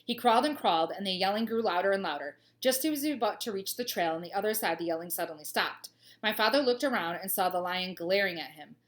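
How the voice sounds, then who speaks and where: A woman reads a children's storybook aloud in a teacher's expressive manner. Her voice sits in a middle pitch. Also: fast talker. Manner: expressive reader, gushing asides.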